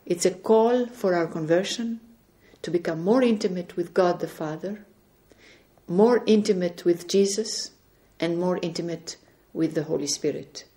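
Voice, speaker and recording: Earnest woman speaker, soft dark tone, recounting faith experiences at home. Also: on the low side, measured pace. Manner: earnest, gently recounting conversations. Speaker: religious speaker. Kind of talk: spiritual testimony talk. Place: indoors at home.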